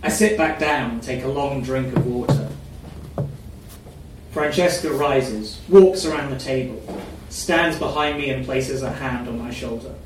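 A man giving a dry, deadpan live reading of a first-person story. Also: mid-range voice, unhurried. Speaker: story reader. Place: reading event in a room. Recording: echoey room, mic far off, faint noise.

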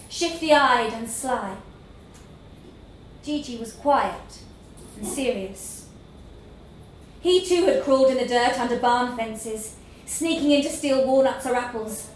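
A woman reading a literary story aloud in a slow, measured storytelling manner. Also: a little high, a little mellow, a little hiss or hum. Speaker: narrator. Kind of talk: scripted narration of a literary story. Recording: echoey room with faint ambience.

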